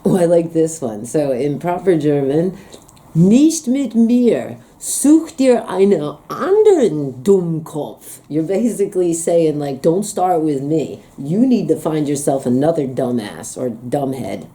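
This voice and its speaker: Animated American woman with a dark voice. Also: low voice, slow pace. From United States. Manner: amused, reacting loudly to each phrase she reads out. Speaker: vlogger. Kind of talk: casual language-learning vlog.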